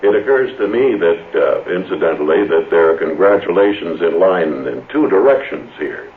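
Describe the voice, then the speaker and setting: A man speaking as an announcer, giving a polished, measured tribute. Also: deep voice, sing-song, slight background noise. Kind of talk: formal tribute speech. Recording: tinny echoey remote radio line.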